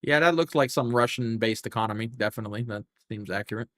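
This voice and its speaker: A young man with a medium-pitched, fairly bright voice talks fast while livestreaming a game. He chats casually and curses, rambling and thinking aloud as he scrolls through menus. The recording has no room sound.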